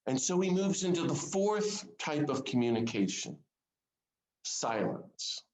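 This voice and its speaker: A man's voice: fairly high pitch, big pitch swings, a little slow, a little mellow, echoey room, poor audio. A man giving an informal sermon to a small group, earnest and conversational, putting direct questions to his listeners. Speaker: speaker of a Lenten series.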